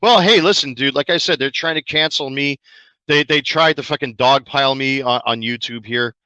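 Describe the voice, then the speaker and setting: Defiant guy bragging and swearing, bright voice, dead dry sound. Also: medium pitch, moderate pace, smooth, no room sound, low-quality recording. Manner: defiant, profane, boastful. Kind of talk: defiant vlog statement.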